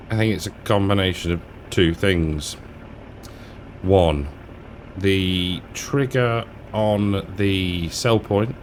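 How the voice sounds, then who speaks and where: A man's voice: low-pitched, slight background noise. A man from England giving casual, rambling commentary while playing a farming game, chatty and self-deprecating. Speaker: gaming channel host. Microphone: desk mic with headphones.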